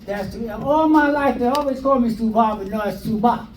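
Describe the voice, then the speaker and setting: An older man telling stories from his past in a documentary interview, animated, acting out what people said, with hesitant fillers. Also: very high voice, moderate pace. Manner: animated, acts out quoted dialogue with hesitant fillers. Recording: roomy sound from a distant mic, faint noise.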